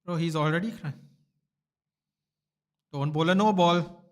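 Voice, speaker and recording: Hosting a live cricket watchalong, a man with a voice on the high side reacts excitedly, shouting at big moments and tossing in slangy asides. His pace is unhurried.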